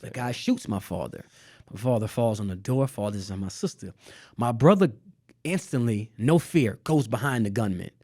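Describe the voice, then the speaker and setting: A man's voice: on the low side, moderate pace, a little mellow, dry recording, clean studio sound. A man telling a personal story in a casual conversation. He repeats phrases for emphasis and laughs now and then. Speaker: guest artist.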